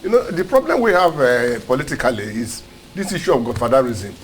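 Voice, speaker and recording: A man's voice: medium pitch, big pitch swings, brisk, a little hiss or hum. Earnest man arguing politics. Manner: earnest and argumentative, repeats words while building a point. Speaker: co-host and commentator. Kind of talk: opinionated political commentary. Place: broadcast studio.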